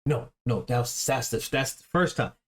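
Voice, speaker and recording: A man's voice: mid-range voice, normal speed. Man, reaction host, casual storytelling, slangy, rambling, restarts a lot, laughs as he talks.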